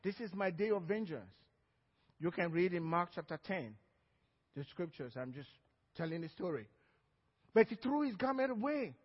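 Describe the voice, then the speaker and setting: A male pastor delivering an emphatic sermon and drawing amens from the congregation. His voice is strikingly high for a man. It carries through a long church echo on a muffled, dull recording. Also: sing-song, normal speed, pauses often, husky. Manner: emphatic preaching, calls for amen. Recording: dull, echoey church hall.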